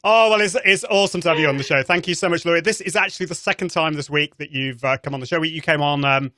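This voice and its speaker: A man's voice: fairly high pitch, fast talker, bright, forceful tone, dry recording, studio quality. A man with an accent from near Manchester, hosting a live show in enthusiastic casual chat and often restarting his sentences. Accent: English, Manchester area. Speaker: podcast host.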